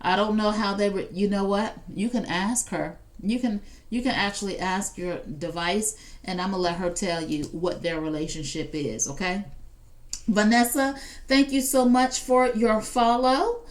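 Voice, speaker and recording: A woman's voice: medium pitch, moderate pace. A woman hosting a casual live shopping stream, chatting to viewers and reading out their comments. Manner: chatty, addresses viewers directly, reads out chat comments. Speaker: live shopping show host.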